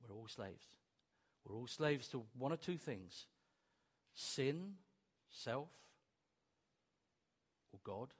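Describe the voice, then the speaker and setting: A man's voice: mid-range voice, extremely slow, pauses often, husky. A man preaching a sermon, acting out imagined objections and pressing his points with emphatic repetition. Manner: animated, rising to emphatic repeated declarations; plays out imagined objections in dialogue.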